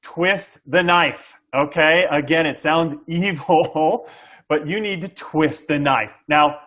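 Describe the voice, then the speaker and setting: Man, middle-aged, sales coach, energetic, fairly high voice, acts out buyer dialogue. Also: slow. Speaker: SaaS sales coach, guest. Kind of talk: explaining sales tactics to an interviewer.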